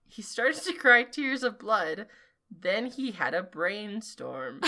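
A woman's voice: mid-range voice, sing-song, slow, bright, forceful tone. A young woman co-hosting a podcast, reading a fanfic aloud in mock-dramatic voices and laughing often. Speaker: podcast co-host.

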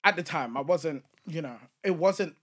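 A man chats as a podcast co-host, his voice sitting high and sounding bright and forceful. He tells his stories animatedly, often starting a sentence over before pushing through. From United Kingdom. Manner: animated, storytelling with quick restarts. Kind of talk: casual chat.

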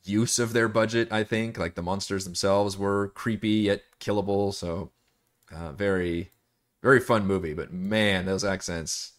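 A man's voice: low voice, steady tone, a little slow. A man acting as dungeon master, chatting casually and rambling during live-streamed game prep, often laughing and swearing.

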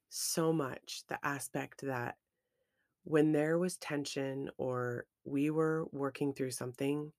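A woman's voice: extremely low pitch, takes it slowly, dry recording, studio quality. Heartfelt woman in casual podcast talk. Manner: emotional, expressive, heartfelt. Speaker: podcast co-host. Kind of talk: casual chat.

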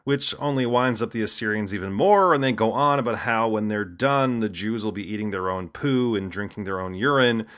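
A man's voice: fairly low pitch, brisk, hardly any pauses, fairly bright tone. A man giving humorous scripted narration, sliding in wry, casual asides.

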